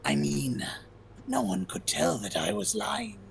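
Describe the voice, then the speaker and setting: Woman reading as a sly, unhinged young man from a game; slow, creaky, sweeping pitch. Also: huge pitch swings, slight background noise, heavily acted. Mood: smug. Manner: slow, drawn-out delivery with wild pitch swings. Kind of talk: reading game dialogue aloud.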